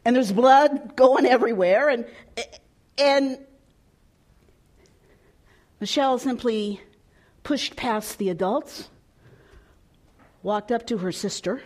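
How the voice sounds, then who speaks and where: A woman pastor preaching a storytelling sermon, expressive and at times dropping soft and hushed. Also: a little high, slow pace, long pauses.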